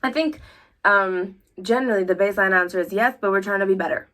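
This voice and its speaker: A young woman co-hosting a casual chat podcast, telling stories in an animated way and acting out the dialogue. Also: medium pitch, fast. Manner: animated storyteller, acts out dialogue. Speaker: podcast co-host.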